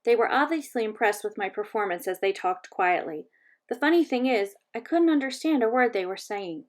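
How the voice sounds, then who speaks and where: A woman reading a children's chapter book aloud in a gentle, measured storytelling voice. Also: a little high, lively intonation. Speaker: reader.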